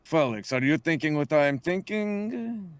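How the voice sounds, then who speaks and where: A man playing a sly, scheming male adventurer who talks in a slow, conspiratorial, pleased way. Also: on the high side, expressive, clean tone.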